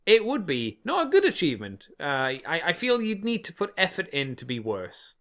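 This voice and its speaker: A man's voice: a little high, huge pitch swings, moderate pace, sharp tone. Laid-back man co-hosting a podcast. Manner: laid-back, laughs often, wry. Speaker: podcast co-host. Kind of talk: casual podcast chat.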